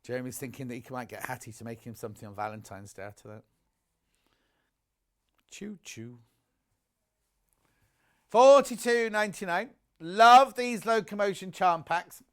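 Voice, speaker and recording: A man's voice: high voice, sing-song, brisk, clear, resonant tone. A man presenting a live home shopping broadcast, chatty and gushing, reading out viewer messages as he shows products.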